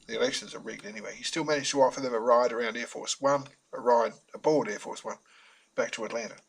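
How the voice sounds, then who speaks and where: A man's voice: mid-range voice, fairly even intonation, fast talker, slightly rough, low-quality recording. A man narrating a self-published story in a chatty, wry manner with humorous asides.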